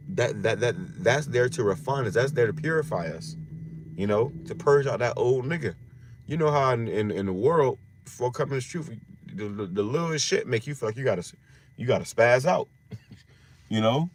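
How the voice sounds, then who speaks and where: Man, lower register, religious teacher giving a loose, slangy scripture talk with lots of restarts. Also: animated, normal speed. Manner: slangy, repeats phrases, frequent restarts.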